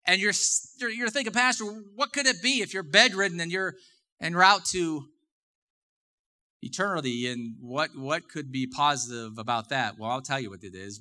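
A man's voice: mid-range voice, bright, forceful tone. A middle-aged man preaching a sermon in a church, talking to the congregation in a conversational way and repeating phrases for emphasis. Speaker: pastor.

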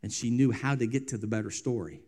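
A man preaching a sermon as pastor, moving between loud, emphatic lines and quiet, hushed ones, with drawn-out phrasing and repeated refrains. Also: medium pitch.

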